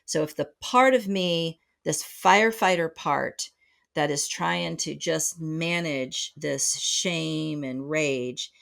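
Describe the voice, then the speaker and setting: A woman's voice: deep voice, slow pace, vocal fry, fairly bright tone. A middle-aged woman speaking as a psychotherapist guest on a podcast, reflective and full of fillers and restarts. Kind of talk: conversational podcast interview.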